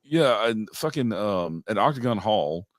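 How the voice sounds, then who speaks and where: A man's voice: lowish voice, animated, measured pace, no room sound. A man co-hosting a podcast in casual chat, swearing often and laughing as he tells his stories. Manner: profane, laughs often while telling stories. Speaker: podcast co-host.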